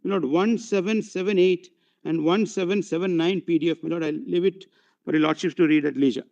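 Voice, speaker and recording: A high-voiced man with an Indian English accent presents a formal courtroom argument, reading passages and citations aloud and addressing the bench as my lord again and again. The sound is muffled and dull, as if taken from a courtroom feed. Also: a little fast, vocal fry, darkish tone. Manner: reads out passages and page citations. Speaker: advocate arguing before a court.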